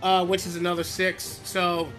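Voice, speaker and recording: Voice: medium pitch, completely flat delivery, moderate pace, over music. A player in a tabletop game describing moves, giggly and playful. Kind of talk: casual tabletop play.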